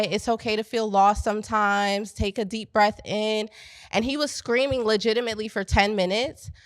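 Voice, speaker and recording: A middle-aged woman from Pennsylvania, a business founder, telling a lively story to a live audience and talking straight to the crowd. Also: medium pitch, no room sound. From Pennsylvania, USA. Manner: animated, chatty, addresses the crowd directly. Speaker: business founder speaking at an event. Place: event space at a coworking venue.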